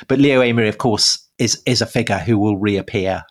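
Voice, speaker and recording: A man's voice: on the low side, brisk. A man co-hosting a history discussion, adding wry conversational asides. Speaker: podcast co-host.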